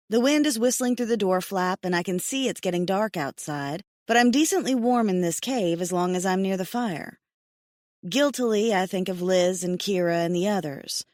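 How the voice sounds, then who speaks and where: A woman's voice: mid-range voice, no echo, studio quality. A woman narrating a story in first person with a wry, conversational reading. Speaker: audiobook narrator.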